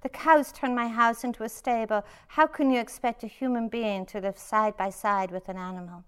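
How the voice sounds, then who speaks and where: A woman's voice: on the high side, fairly even intonation, moderate pace, clear, resonant tone, close to an everyday voice. A woman reading a story aloud and voicing a poor, desperate older man who pleads and wails. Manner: pleading, wailing.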